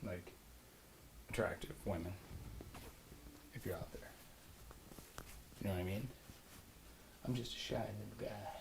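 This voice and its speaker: Sleazy in mood, this improvised comedy bit has a man posing as a profane, cocky finance host, boasting and rambling at a moderate, sing-song pace. He swings between laughing yells and quiet muttering, with noise in the background.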